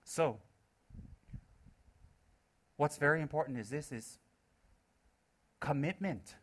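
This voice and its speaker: A man's voice: a little high, takes it slowly. A man giving a live Buddhist teaching, asking rhetorical questions, repeating key phrases and teasing his listeners. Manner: playful, teasing listeners between points. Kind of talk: live Dharma talk to an audience.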